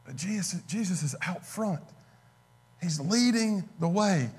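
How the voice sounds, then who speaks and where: Man, high voice, preacher, conversational sermon, acts out quotes. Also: animated, a little slow, darkish tone, husky.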